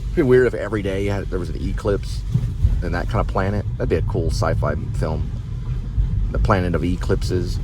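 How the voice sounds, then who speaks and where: A man's voice: deep voice, a little fast. A man rambling through a jokey, tangent-filled casual monologue while out delivering food in his car. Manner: tangent-prone, jokey, slips into quoted voices. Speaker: vlogger and actor. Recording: car interior with road noise.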